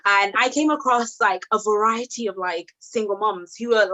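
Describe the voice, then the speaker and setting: A British woman hosting a casual discussion, telling her story in an earnest, animated way. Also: mid-range voice, a little fast, hardly any pauses, poor audio. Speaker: host.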